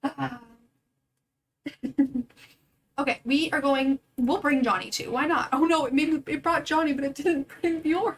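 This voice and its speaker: High-voiced giggly woman streamer. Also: steady tone, a little slow, pauses often, rough recording. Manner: chatty, giggly, talking to chat. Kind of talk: casual gameplay commentary.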